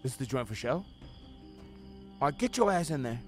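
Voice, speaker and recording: A young man streaming a video game, giving profane running commentary that swings between low muttering and sudden yelling. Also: sing-song, brisk, soft background music. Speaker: gaming streamer. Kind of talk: live gameplay commentary.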